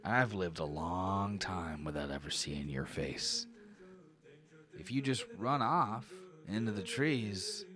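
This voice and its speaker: A man's voice: sits low, expressive, slow, a crowd in the background. A man voicing a small, wiry male gnome who is sly and grasping, wheedling and folksy in manner.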